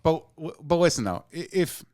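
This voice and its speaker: A man's voice: a little high, expressive, moderate pace, a little mellow. A man co-hosting a podcast, flustered and laughing at himself in casual comedic banter. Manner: laughing, flustered, self-deprecating. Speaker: podcast co-host.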